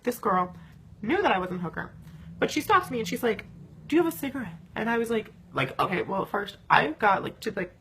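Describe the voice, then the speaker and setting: A woman's voice: medium pitch, fairly quick, a little hiss or hum. A young woman recounting a night out in a casual vlog, swearing often and filling her talk with "like". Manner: animated, swearing, many fillers.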